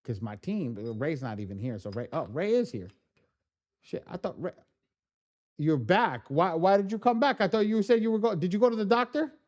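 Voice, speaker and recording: A man hosting a live training class, telling stories in a casual, animated way, swearing freely and often restarting his sentences. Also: sits high, moderate pace. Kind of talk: casual live-stream storytelling.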